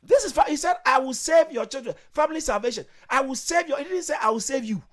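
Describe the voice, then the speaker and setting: A male pastor preaching with fervour, shouting exclamations, calling for responses and breaking into tongues. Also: extremely high pitch, lively intonation, quick pace. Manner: speaks in tongues between phrases.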